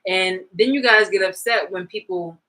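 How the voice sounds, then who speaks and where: A woman ranting casually to her viewers, blunt and profane, laughing often and swinging between loud and low. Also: moderate pace, rough recording. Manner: laughs often mid-rant. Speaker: vlogger. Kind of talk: casual rant to camera.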